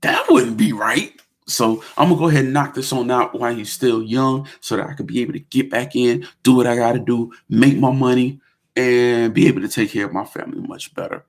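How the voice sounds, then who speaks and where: Gravelly-voiced man chatting casually on a vlog. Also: medium pitch. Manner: animated storytelling with slang. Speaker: vlogger.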